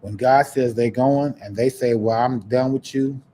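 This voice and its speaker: Guy hosting his podcast, warm churchy talk, bit of hiss behind. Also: medium pitch, steady tone, normal speed. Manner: warm, churchy, breaks into laughs and sing-song. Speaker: podcast host. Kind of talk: casual livestream chat, preachy sign-off.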